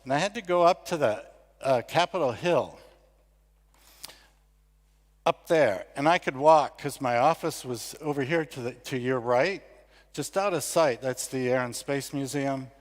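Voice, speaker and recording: An older man from the United States speaks to an audience at an award ceremony. His delivery is conversational and self-deprecating, with a middle-pitched voice. The sound carries the long reverb of a big hall. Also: unhurried. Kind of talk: conference speech.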